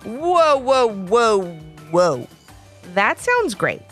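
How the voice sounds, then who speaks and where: A woman's voice: on the high side, big pitch swings, drawn-out words, a bit bright, faint music behind, exaggerated voice. A woman voicing a cautious father in a storybook, hesitant and wary. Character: cautious fatherly man, pilot.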